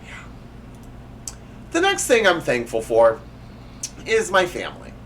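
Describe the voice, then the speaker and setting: A male host reading funny text messages aloud in a comedic, animated way, putting on voices for the senders. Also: a little high, a little slow, a little hiss or hum.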